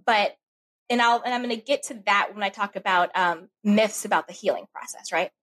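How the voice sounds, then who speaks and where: A woman's voice: medium pitch, brisk. A woman in casual podcast conversation, telling personal stories and acting out her inner voice. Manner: animated storytelling with acted-out inner voices.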